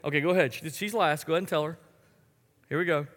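A man leading a group game for an audience, talking in a playful, chatty way with halting restarts and frequent laughs. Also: on the high side, a bit bright. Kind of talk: live talk to an audience. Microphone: handheld microphone. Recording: echoey hall with long reverb.

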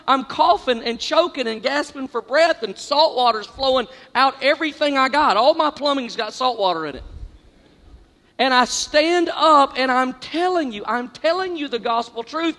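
A man with a very high voice tells a story on stage, animated and exaggerated, swinging from loud bursts to quiet asides. His voice rings out with a long reverb through a large hall. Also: moderate pace. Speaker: comedian. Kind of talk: stand-up storytelling.

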